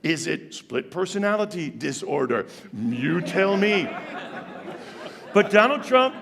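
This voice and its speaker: High-voiced, gravelly stand-up comedian. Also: male voice, slow, a faint crowd. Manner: animated, ironic, addresses the audience. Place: comedy theater stage. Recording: long reverb of a stage hall.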